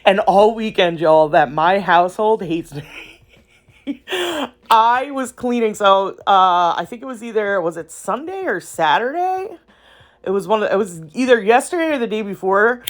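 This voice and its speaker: A woman's voice: medium pitch, lively intonation, normal speed. A woman hosting a nail art channel, telling stories in a rambling, chatty voiceover, laughing often and calling her viewers y'all. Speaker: nail art YouTuber and host.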